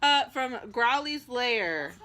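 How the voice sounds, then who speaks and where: A woman's voice: a little high, lively intonation, slow pace, crowd noise. A woman chatting casually at home as co-host, filling her talk with "like" and "totally". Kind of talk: casual chat.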